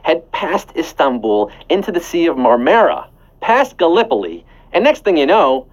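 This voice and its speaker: A man's voice: on the high side, sing-song, moderate pace, poor audio. A man hosting a live trivia game show, playful and jokey, breaking into song snippets between questions. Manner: playful, punning, sings snippets. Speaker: quiz show host.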